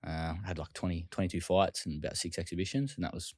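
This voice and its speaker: Fast-talking deep-voiced Australian man. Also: flat delivery, a little mellow, dry recording, studio quality. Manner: rapid, loose, swearing, many fillers. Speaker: interview guest. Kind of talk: casual storytelling interview.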